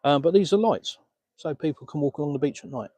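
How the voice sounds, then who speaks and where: A man's voice: a little high, fast, dark tone, no echo. An Englishman casually answering viewer comments on a live stream from a beach, filmed on a phone. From England. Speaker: vlogger answering live chat. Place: outdoors on a beach.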